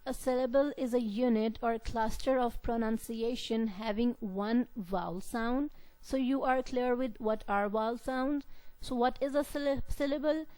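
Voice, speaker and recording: A woman teaching a lesson at a slow, careful pace. Her voice sits a little high and she repeats key words for emphasis. The sound is close and dry, with no room echo. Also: mellow. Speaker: lecturer. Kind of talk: classroom lecture.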